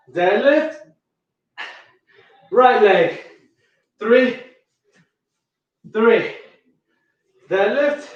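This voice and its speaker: Breathless fitness coach counting reps. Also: male voice, sits high, lo-fi sound. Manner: counts reps aloud and calls out each movement. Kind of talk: workout follow-along counting reps. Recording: echoey room, far from mic.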